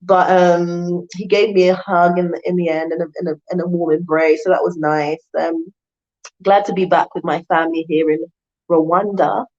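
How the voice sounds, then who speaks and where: A woman's voice: lowish voice, little pitch movement, moderate pace, darkish tone, highs cut off. A woman in her thirties, originally from the UK, chatting casually on a live stream, laughing often and reading out viewer comments. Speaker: vlogger hosting a live stream.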